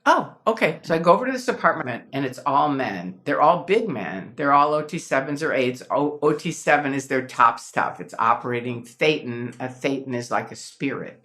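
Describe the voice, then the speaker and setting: A woman from Chicago, an interview guest telling her personal story with lively, dramatic storytelling. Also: a bass voice, moderate pace, few pauses. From Chicago, USA. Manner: animated storytelling, acts out quoted voices. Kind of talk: personal testimony in a podcast interview.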